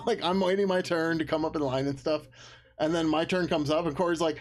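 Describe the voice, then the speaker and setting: A man's voice: on the high side, fairly even intonation, brisk. A man chatting casually on a live stream about his open source project, rambling loosely, laughing and swearing now and then, sounding tired.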